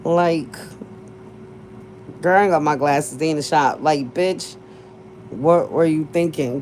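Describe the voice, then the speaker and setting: A woman's voice: low voice, slow, pauses often, darkish tone, a little hiss or hum, low-quality recording. A woman, talking candidly and bluntly in a casual chat, cursing freely and laughing often. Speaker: podcast host.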